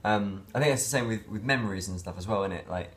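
A man's voice: fairly low pitch, fast talker, fairly bright tone. A man talking in a casual daily vlog, rambling and reflective, with many fillers and restarts. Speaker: vlogger.

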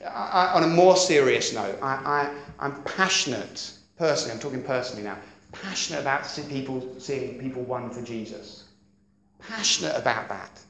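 A middle-aged man preaching a sermon in a lively, conversational way, often checking that his listeners follow. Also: medium pitch, normal speed, vocal fry, a little hiss or hum. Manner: lively, conversational, keeps asking "does that make sense?". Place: church hall. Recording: echoey church hall.

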